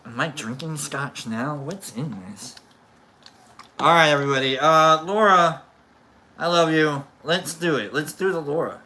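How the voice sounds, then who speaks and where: A man's voice: on the high side, a little slow, bright, forceful tone. A man hosting a casual chat show, rambling with lots of restarts and jokey asides. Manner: rambling, self-interrupting, jokey. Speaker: host.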